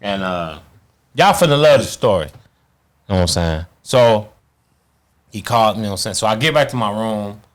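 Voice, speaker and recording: Animated man telling stories. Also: fairly low pitch, moderate pace, pauses often. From Chicago, USA. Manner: animated, profane, acts out quotes in others' voices. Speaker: guest, former boxing champion. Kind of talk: casual storytelling.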